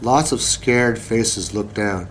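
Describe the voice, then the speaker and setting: A man reading a children's story aloud, slow and deliberate. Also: fairly low pitch, a bit bright, a little hiss or hum. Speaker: narrator.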